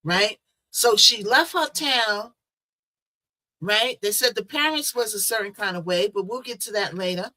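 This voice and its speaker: A woman's voice: mid-range voice, animated, measured pace, sharp tone. A woman host chatting through a news case in a casual, conversational way, full of rhetorical asides.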